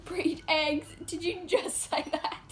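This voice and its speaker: A young woman chats in a vlog, telling stories outdoors in a lively, laughing manner. Her voice sits very high. Heavy outdoor noise fills the background. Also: takes it slowly. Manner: animated, laughing storytelling. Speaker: vlogger. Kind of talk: casual vlog chat. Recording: very noisy outdoor recording.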